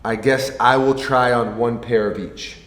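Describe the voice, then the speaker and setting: A man's voice: medium pitch, steady tone, measured pace, a bit bright. Rambling, joking man in an echoey room. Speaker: sneaker vlogger. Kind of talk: casual chat. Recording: roomy echo with long reverb.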